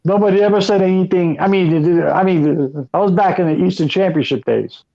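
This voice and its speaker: A man's voice: sits high, moderate pace, vocal fry. A man co-hosting a casual podcast chat, emphatic, swearing freely and repeating himself for stress. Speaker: podcast co-host. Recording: dull lo-fi sound.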